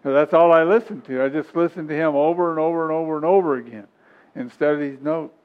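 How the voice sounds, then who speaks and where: Male pastor, fairly high voice, homespun sermon delivery, thin phone-quality sound. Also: steady tone, quick pace, clear, resonant tone. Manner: folksy, repetitive preaching with chuckles. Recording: tinny phone-like recording.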